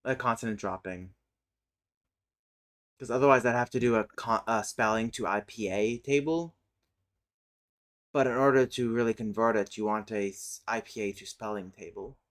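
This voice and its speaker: A man's voice: lowish voice, fairly even intonation, normal speed, long pauses, fairly bright tone. A man thinking aloud in fragments while chatting casually as a streamer. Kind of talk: casual chat while working on a language.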